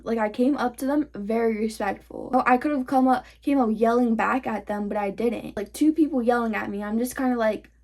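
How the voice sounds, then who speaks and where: A teenage girl tells a storytime about a fight, swearing freely and leaning on "like" between nearly every phrase. Her voice sits a little high for a woman, and she sounds heated throughout. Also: a little mellow. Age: teens. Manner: heated, profane retelling full of "like". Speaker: vlogger. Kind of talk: storytime vlog.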